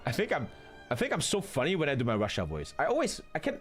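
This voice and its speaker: A man's voice: huge pitch swings, fast, soft background music. A man, commenting live on his own strategy game and swearing a lot. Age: 30s. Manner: swears a lot, jumps into loud high yelps. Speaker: streamer.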